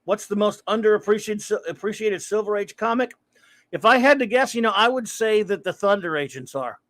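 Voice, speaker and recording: Chatty higher-voiced man hosting a livestream. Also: brisk, fairly bright tone, dry recording. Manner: rambling, chatty, greets viewers by name. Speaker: livestream host. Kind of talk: casual live-stream chat, reading chat aloud.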